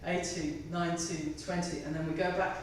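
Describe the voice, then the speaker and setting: A woman's voice: lowish voice, flat delivery, normal speed, slight background noise. A woman leading a tai chi fitness class, counting reps with chatty, self-mocking asides and giggles. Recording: echoey room, voice from far off the mic.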